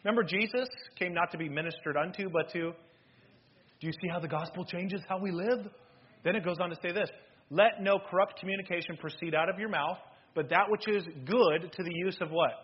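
A man, a pastor, preaching a sermon in a church, animated and swinging between loud bursts and hushed asides. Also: high voice, fairly quick, husky, dull audio. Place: church sanctuary.

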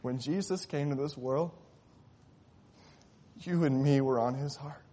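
A man's voice: mid-range voice, measured pace. Impassioned male preacher. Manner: swells to impassioned shouting at climaxes, drops to hushed tones. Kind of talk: sermon with dramatic storytelling.

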